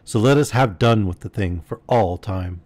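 A man reading aloud and voicing a calm male king of the light elves, speaking in a matter-of-fact way. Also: fairly low pitch, normal speed, dry recording, lightly acted. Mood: decisive.

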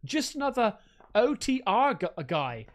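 A man live-streaming, excitedly thanking donors by name and unboxing gifts, swearing freely. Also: extremely high pitch, a little slow. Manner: excitable, sweary, calls everyone mate. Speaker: livestreamer.

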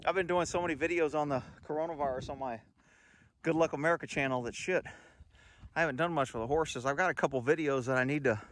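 A man's voice: a little high, fast, slight background noise. A man hosting a casual vlog who rambles in a folksy way, swears casually and chuckles often while he films his animals outdoors on a phone. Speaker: channel host talking about his animals. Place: outdoors in a yard. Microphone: phone camera.

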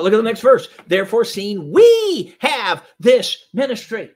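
A preacher delivering a sermon, emphatic and storytelling, swinging from loud bursts to hushed asides. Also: male voice, high voice, very animated, moderate pace, few pauses.

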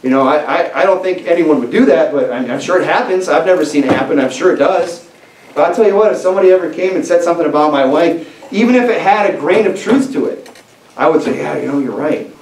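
A man's voice: on the high side, animated, fast, a little mellow. Emphatic male preacher in an echoey church. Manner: emphatic, conversational, with frequent restarts and fillers. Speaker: pastor. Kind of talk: sermon. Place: church sanctuary. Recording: echoey church room, mic at a distance, faint hiss.

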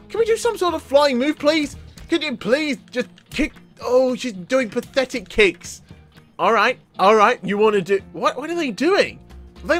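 An excitable man hosting a gaming channel and narrating his own matches. His voice sits high for a man, and it jumps into yells and laughs. Faint music plays under his commentary. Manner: excitable, yelling and laughing at the game. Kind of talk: let's play commentary.

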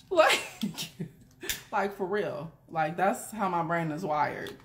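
A woman's voice: fairly low pitch, slow, noisy background. Blunt, profane woman chatting live. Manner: blunt, profane, laughs often; chatty, talks straight to viewers. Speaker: doula and live stream host. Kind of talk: casual live stream chat.

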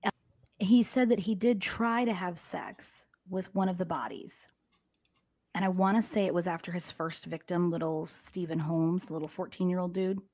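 A woman's voice: on the low side, fairly even intonation, moderate pace, darkish tone. A woman co-hosting a true crime podcast, blunt and sarcastic, swearing freely. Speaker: podcast co-host. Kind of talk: casual true crime chat.

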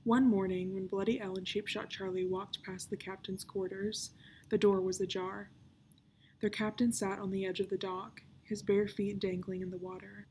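Woman librarian, story reading, calm, even, gravelly, steady pitch. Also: moderate pace, a little hiss or hum. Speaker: children's librarian. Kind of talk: reading a children's novel aloud.

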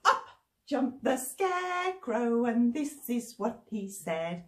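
A woman librarian leading action rhymes for small children, playful and sing-song, dropping to whispers and rising to high squeals. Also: big pitch swings, slow pace, reverberant. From England.

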